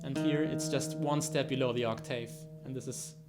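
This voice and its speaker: Male guitar teacher, mid-pitched, halting explanatory delivery, loud guitar playing behind him. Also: steady tone. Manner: explains with many fillers and restarts, counts beats aloud. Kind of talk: guitar tutorial.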